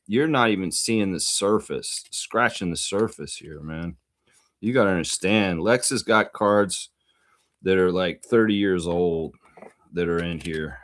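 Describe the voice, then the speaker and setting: Male streamer, low voice with lively swings, excited casual rambling to viewers. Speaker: live stream host. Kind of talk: casual live-stream chat showing off his card collection.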